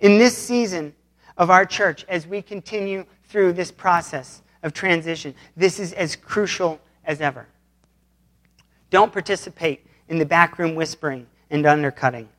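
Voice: medium pitch, moderate pace, fairly bright tone. A pastor giving a conversational sermon, retelling scripture in plain everyday words.

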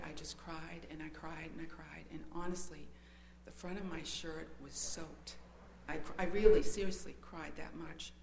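A woman's voice: fairly low pitch, darkish tone. A woman giving an earnest, hesitant, emotional account of her faith to a church gathering. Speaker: speaker sharing a testimony. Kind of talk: personal testimony storytelling. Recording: echoey room with faint hum.

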